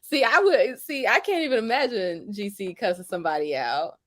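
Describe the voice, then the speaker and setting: A woman co-hosting a casual podcast chat, playful and giggly, with expressive storytelling. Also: medium pitch, fairly quick, no echo, clean studio sound.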